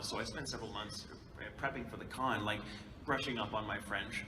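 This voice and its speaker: A man, a voice actor, telling lively anecdotes on a convention panel and dropping into accents as he goes. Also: medium pitch, a little fast. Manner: animated storyteller, jumping into accents and voices. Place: large convention hall. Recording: echoey hall, voice from far off, background noise.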